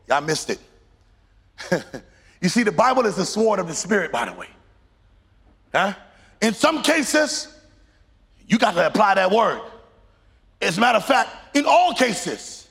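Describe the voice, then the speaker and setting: A middle-aged pastor preaching a sermon, rising into emphatic bursts and sung phrases. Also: male voice, high-pitched, creaky, fairly bright tone, slightly rough. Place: church sanctuary. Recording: long reverb of a large hall.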